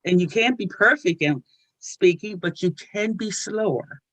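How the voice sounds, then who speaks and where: A woman whose first language is not English, giving deliberate advice on an online panel. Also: medium pitch, a bit bright, no room sound, poor audio. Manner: deliberate, advisory.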